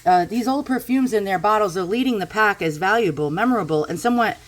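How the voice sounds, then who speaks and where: A woman's voice: medium pitch, fast talker. A woman in her fifties rambling through a casual home vlog in her kitchen, sarcastic and cranky, swearing freely. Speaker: YouTube vlogger.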